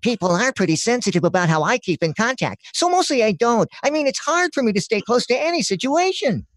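Touchy cartoon porcupine, high and squeaky, a man putting it on; radio-ad cartoon read. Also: big pitch swings, fast, dry recording. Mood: wry. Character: sensitive male porcupine in a radio ad.

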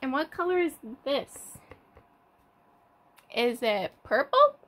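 A woman's voice: high-pitched, very animated, a bit bright. Sing-song young woman teacher. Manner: slow, sing-song, gasping with surprise. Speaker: toddler room teacher. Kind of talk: reading a picture book to toddlers.

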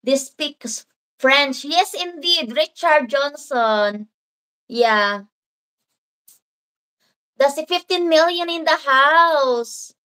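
High, bright Filipino woman chatting slowly. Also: expressive, low-quality recording. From Philippines (Davao). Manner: chatty, rambling, mixes in Filipino words. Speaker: livestream host. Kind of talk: casual live-stream chat reading viewer comments.

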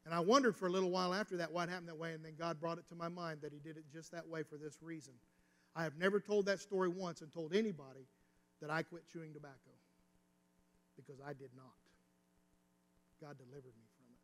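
Talking fast in a slightly high voice with fairly even intonation, a man preaches as pastor in a church sanctuary. His sermon centers on a personal story whose intensity rises and falls, recorded in a reverberant hall.

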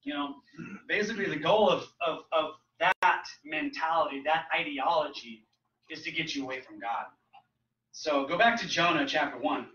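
Man preaching, bright tense voice, casual joking delivery, roomy distant church recording. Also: a little high, lively intonation, normal speed, dull audio. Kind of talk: sermon. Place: church sanctuary.

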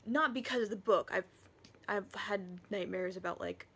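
A woman talking through her monthly reading in a chatty, animated book review vlog, now and then dropping to a whisper. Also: mid-range voice, moderate pace, husky.

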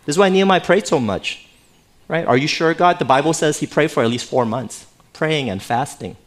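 Pastor man preaching, conversational and animated. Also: fairly high pitch, normal speed. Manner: conversational, animated, jokes with the congregation, frequent "right?". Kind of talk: sermon. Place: church sanctuary.

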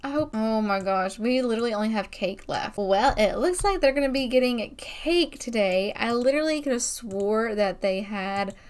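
A young woman hosting a gaming video, chatting excitedly through her gameplay with frequent exclamations. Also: on the high side, moderate pace, few pauses. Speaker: gaming channel host. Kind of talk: casual game commentary.

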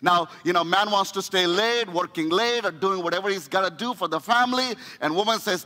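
A man preaches a sermon in a high, bright, ringing voice. He tells the story in an animated way, often restarting his phrases. The sound carries a long echo from a church hall. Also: brisk, few pauses. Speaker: pastor. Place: church sanctuary.

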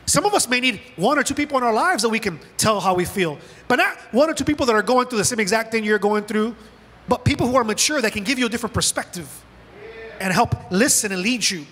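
A man preaches with a strikingly high, bright and forceful voice, slipping into acted prayers as he goes. The sound carries a long reverb from a large church sanctuary. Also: fast, husky. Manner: animated preaching, acts out dialogue with God. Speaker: pastor. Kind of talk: sermon.

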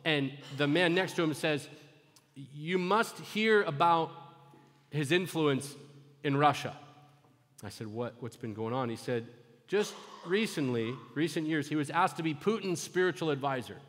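A male pastor preaching a sermon, telling stories and moving between loud, urgent exhortation and hushed, low retelling. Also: animated, a little slow. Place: church sanctuary. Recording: long church hall reverb.

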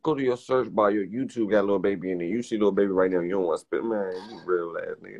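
With a low-pitched voice, vocal fry and a slightly mellow tone, a young man rants on his live stream in a casual, profane, emphatic style. He keeps imitating other people, acting out their lines in quick put-on voices.

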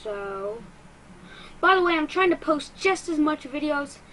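High-voiced excitable woman gaming YouTuber. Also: a little hiss or hum, poor audio. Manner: excitable, quick to frustration, self-mocking. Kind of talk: let's-play commentary.

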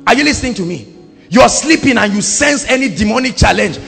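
Impassioned Nigerian preacher in an echoing hall. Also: male voice, very animated, moderate pace, vocal fry. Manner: impassioned, swings from shouting to low quiet asides. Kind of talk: sermon. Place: large church hall. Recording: echoing hall with faint music.

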